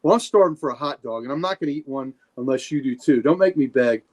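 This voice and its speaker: A man reading a comic aloud on a podcast and voicing Spider-Man as a gentle, caring adult male superhero in a slightly raised voice. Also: mid-range voice, animated, quick pace, natural voice. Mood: gentle, comforting.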